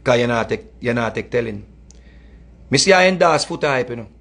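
A man's voice: mid-range voice, animated, brisk, vocal fry, fairly bright tone. A middle-aged man with a Jamaican accent, delivering a heated, scolding monologue that mixes in Patois and repeats his points. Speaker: music commentator.

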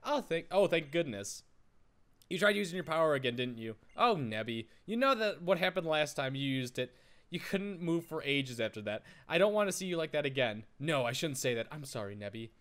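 A gentle, worried young girl companion, read aloud by a man in a soft, apologetic way. The lines come as game dialogue read straight off the screen, with little change from an everyday voice. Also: on the high side, lively intonation, brisk.

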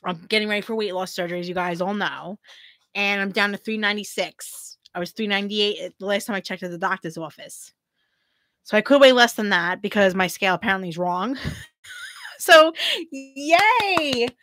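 A woman's voice: medium pitch, fairly even intonation, fairly quick, a bit bright, no room sound. A woman hosting a casual livestream, reading viewer comments aloud in a bubbly, giggly way and greeting them as queens. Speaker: livestream host.

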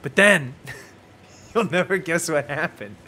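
A young man co-hosting a casual let's-play stream, joking and breaking into laughs and mock shouts. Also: a little high, expressive, slow pace, a little hiss or hum. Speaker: co-host.

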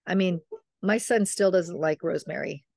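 A woman's voice: on the low side, normal speed, gravelly, darkish tone, breathy edge, no room sound. Older woman telling stories in a dry room. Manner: chatty, rambling, acts out quoted family members. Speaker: midwife and author, guest. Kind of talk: casual storytelling conversation.

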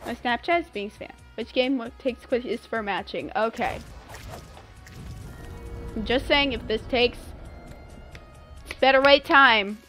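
A woman's voice: fairly high pitch, measured pace, long pauses, pushed and bright, soft background music. A young woman streaming a game live, effusively and dramatically thanking her viewers with lots of exclamations.

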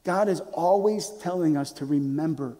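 A male pastor preaches with passion, his voice pitched high for a man yet mellow in tone. He swings from loud, emphatic lines to hushed near-whispers and often restarts his words. His voice rings with the long reverb of a large church hall. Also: moderate pace. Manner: repeats and restarts words as he speaks. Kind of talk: sermon. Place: church sanctuary.

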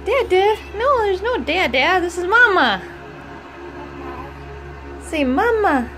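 A woman filming her babies at home on a handheld phone, talking in a gentle, coaxing, sing-song baby voice. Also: extremely high pitch, big pitch swings, slow, music in the background. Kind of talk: home video baby talk. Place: family home.

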